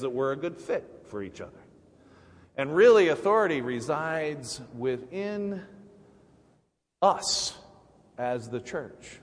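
Chatty male pastor, slightly high voice. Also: big-room sound. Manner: conversational and humorous, with frequent restarts. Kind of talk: sermon. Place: church sanctuary.

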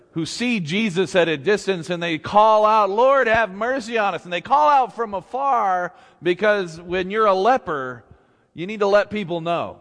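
A man with a fairly high voice preaches a conversational sermon, lively and loose rather than formal. He acts out the voices in the story and chuckles as he goes, and the church hall's long reverb trails behind him. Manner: conversational, animated, acts out shouted quotes, chuckles. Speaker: pastor. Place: church sanctuary.

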